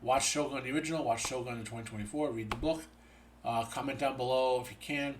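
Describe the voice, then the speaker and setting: A man's voice: mid-range voice, fast, a little hiss or hum. A tired man hosting a show, giving a casual spoken episode review that rambles with many fillers and restarts. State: tired, yawning.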